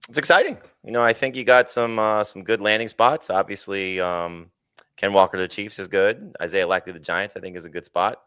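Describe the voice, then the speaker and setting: A man analyst on a fantasy football show, speaking in a measured, somewhat hesitant way with frequent fillers. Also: low voice, fairly even intonation, bright, forceful tone, clear, resonant tone, no echo. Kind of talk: studio sports talk show.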